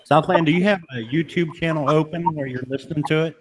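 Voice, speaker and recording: A man hosting a group call, speaking in a relaxed, practical way while sorting out audio trouble. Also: a little high, fast. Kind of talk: casual call chat. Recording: call audio with clear background noise.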